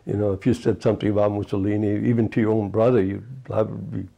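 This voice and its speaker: An American retired fisherman in his eighties recounts his life for an oral history interview, wandering from one memory to the next and often tossing in "you know." His voice is low, gravelly, dark and husky, delivered flatly and fast.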